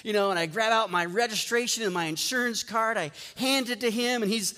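A male pastor with a high-pitched voice delivers a sermon in a relaxed storytelling way. He plays out each exchange as he tells it. His voice carries a long reverb, as if it fills a large church sanctuary. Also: fairly quick. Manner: conversational storytelling, acting out dialogue.

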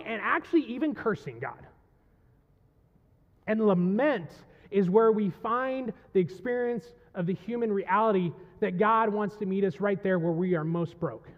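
A male pastor preaching a passionate sermon to his congregation, swinging between quiet reflection and loud pleading. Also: high voice, lively intonation, normal speed, long reverb tail, phone-quality sound. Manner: impassioned, rising to loud pleading when voicing the psalm. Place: church sanctuary.

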